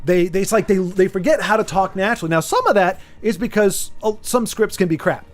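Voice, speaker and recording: A man's voice: high voice, brisk. A man streaming a game, chatting casually and rambling with stammers and repeated words as he answers viewer chat. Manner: reads viewer chat aloud and teases. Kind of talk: casual chat while gaming.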